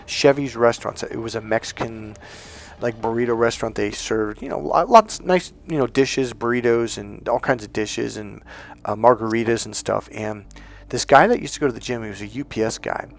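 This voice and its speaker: A man's voice: fairly quick, gravelly. A man coaching on dating, talking casually and with energy, swearing freely and acting out other people's voices. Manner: animated, profane, acts out voices with big pitch jumps. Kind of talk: casual storytelling monologue.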